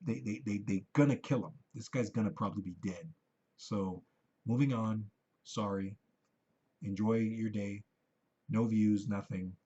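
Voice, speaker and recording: Guy ranting on his vlog, swears a lot, dark husky voice. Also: fairly low pitch, steady tone, measured pace, dull audio. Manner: rambling, profane, heated. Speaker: vlogger. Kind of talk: rambling monologue to camera.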